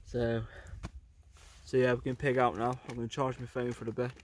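A man talks casually to his camera on a blustery coastline. His voice stays level and flat, with few rises or falls. He rambles along, padding his sentences with fillers. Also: mid-range voice, moderate pace, slight background noise. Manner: chatty, rambling, with many fillers. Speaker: outdoor vlogger. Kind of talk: casual vlog chat. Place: outdoors on a windy coast.

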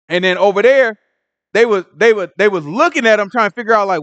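Animated high-voiced man teaching scripture. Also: fast, dry recording, highs cut off. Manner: animated storytelling, acting out the scene in voices. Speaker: Bible study teacher. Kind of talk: casual Bible study teaching.

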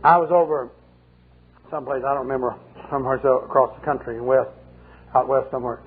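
A man's voice: mid-range voice, steady tone, fairly quick, husky. An older male pastor preaching a sermon with folksy, humorous storytelling. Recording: muffled 1980 sermon tape, phone-like.

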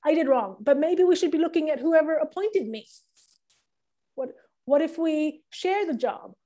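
A woman's voice: high-pitched, expressive, normal speed, mellow. A woman playing an earnest, guilty new boss. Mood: placating. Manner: earnest, placating, reasoning. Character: newly promoted woman boss, guilty and apologetic. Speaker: improv performer. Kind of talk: improv scene. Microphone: online call.

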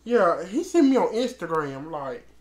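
A woman's voice: lowish voice, big pitch swings, measured pace, a little mellow. A transgender woman telling a storytime vlog in a blunt, profane, rambling way, calling her listener girl. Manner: rambling with many restarts. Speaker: vlogger.

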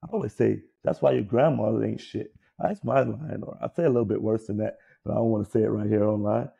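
A man co-hosting a casual sports podcast, ranting in a profane, animated way. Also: on the low side, quick pace, creaky, husky. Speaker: podcast co-host.

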